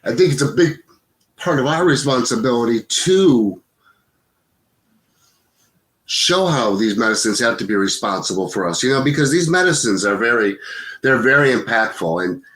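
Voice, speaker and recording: A man's voice: medium pitch, lively intonation, normal speed, long pauses, a bit bright. A man in his fifties, co-hosting a podcast in casual conversation, rambling with many fillers. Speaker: podcast co-host.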